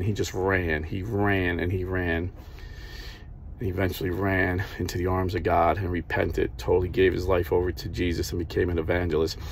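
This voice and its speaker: A man's voice: lowish voice, vocal fry, slight background noise. A man hosting a Catholic video, preaching earnestly and telling stories in plain everyday speech. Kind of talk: preaching to camera.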